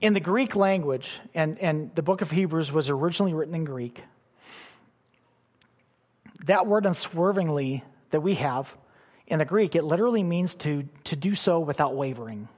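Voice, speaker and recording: Animated preacher in a reverberant hall. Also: male voice, fairly high pitch, moderate pace. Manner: animated preaching with sudden loud bursts and soft drops. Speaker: pastor. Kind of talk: sermon.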